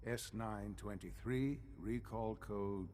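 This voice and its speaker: An actor playing a calm elderly male scientist leader in a game, speaking in a measured, formal way. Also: on the low side, slight background noise. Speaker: game character. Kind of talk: game dialogue.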